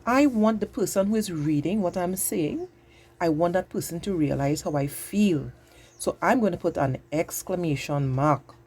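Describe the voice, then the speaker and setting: A woman teaching a patient, exaggerated grammar lesson to young children, speaking slowly and clearly. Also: on the low side, expressive, darkish tone.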